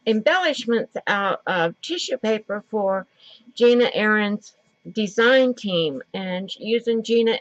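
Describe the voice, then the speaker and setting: A woman's voice: on the high side, a bit bright, dry recording. A woman vlogging a casual craft tutorial from her home craft table, chatting in a rambling way with lots of fillers, recorded on the camera mic. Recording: dull lo-fi sound.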